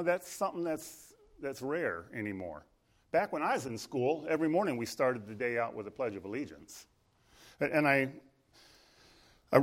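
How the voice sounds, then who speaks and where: A man preaching a sermon at a live-streamed church service, earnest, rising in emphasis on key phrases and often restarting or repeating words. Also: medium pitch. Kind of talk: sermon with opening prayer.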